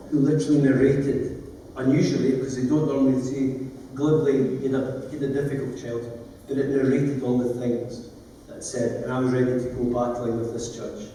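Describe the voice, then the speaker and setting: Man, earnest storyteller, mellow voice, distant mic in a big echoey hall. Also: mid-range voice, slight background noise. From Scotland. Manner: emotional, earnest, plain-spoken. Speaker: conference speaker, lawyer. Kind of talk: storytelling conference talk. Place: large conference hall.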